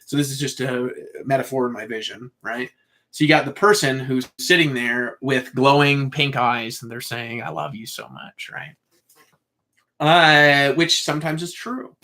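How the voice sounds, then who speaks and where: A man's voice: medium pitch, a little slow, pushed and bright. A man telling a long personal story in a loose, meandering way, full of "like" and "uh". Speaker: speaker sharing a spiritual vision.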